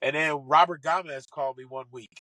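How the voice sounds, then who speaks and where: An excitable man tells comic stories as a podcast guest, slipping into the voices of the people in them. His voice sits a bit high and rings bright and forceful. The sound is close and dry, with no room in it. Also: normal speed, dry recording, low-quality recording. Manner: animated, excitable, acts out quoted lines. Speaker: podcast guest, comedian and golf broadcaster. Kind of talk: casual comic storytelling.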